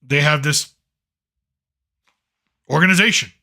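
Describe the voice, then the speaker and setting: A sarcastic man rants through casual late-night commentary with a bright, forceful voice sitting a little high for a man. He talks bluntly and rambles, dropping in curses as he goes. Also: unhurried, gravelly. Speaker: late-night show host.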